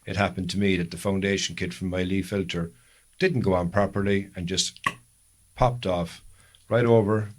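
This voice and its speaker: An Irish podcast co-host with a fairly low voice, talking in a relaxed, casual way. He tells long, winding anecdotes and keeps backtracking to fix details mid-sentence. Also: moderate pace. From Ireland. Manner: long rambling storytelling with self-corrections. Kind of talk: casual chat.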